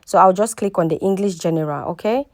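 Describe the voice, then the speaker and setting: Quick-paced and a little mellow, a lowish female voice guides viewers through a casual step-by-step screen-recording tutorial. The studio sound is clean with no room echo, and she frequently repeats herself while checking in with her audience.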